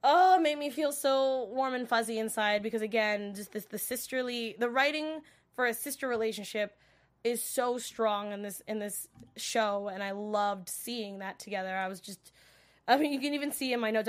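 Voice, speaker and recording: A young woman recaps a TV episode on her vlog, her voice pitched a little high. She gushes as she talks and fills her sentences with "like" and "you know". The delivery is loose and unscripted. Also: normal speed. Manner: gushing, filler-heavy, lots of "like" and "you know". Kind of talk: casual spoken recap.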